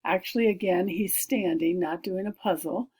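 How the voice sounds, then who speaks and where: A woman's voice: lowish voice, moderate pace, warm tone, breathy edge, rough recording. A woman teacher reading a screenplay aloud to young pupils and explaining it step by step, with many fillers and asides.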